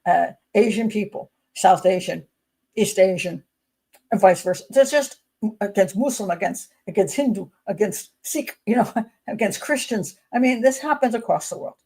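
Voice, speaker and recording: A woman's voice: medium pitch, lively intonation, normal speed, dark tone, husky. A woman criminal profiler hosting a casual livestream hangout for patrons, talking in a digressive, emphatic way and thinking aloud.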